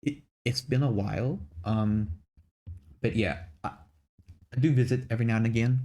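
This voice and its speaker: A man's voice: medium pitch, normal speed, warm tone. Man, young adult, mixed Australian-English accent, casual stream chat, rambling, swears casually. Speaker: VTuber streamer.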